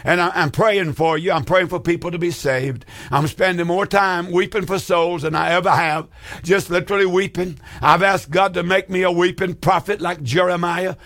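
A high-voiced man delivers a broadcast sermon. He is earnest and pleading, and he stumbles through fillers as he appeals to listeners. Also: steady tone, moderate pace, a bit bright. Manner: earnest, pleading, repeats phone numbers with fillers. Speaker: preacher.

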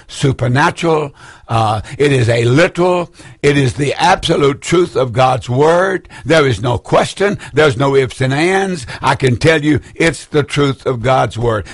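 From an indoor studio, an older man preaches a broadcast sermon, fervent and rambling, repeating points for emphasis. His voice is mid-range, and there's no room sound.

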